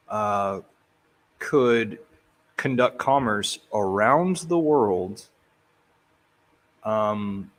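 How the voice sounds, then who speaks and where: Slow, low-voiced man thinking aloud. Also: a bit bright. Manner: halting, thinking aloud with restarts. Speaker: crypto commentator. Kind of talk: casual commentary on clips.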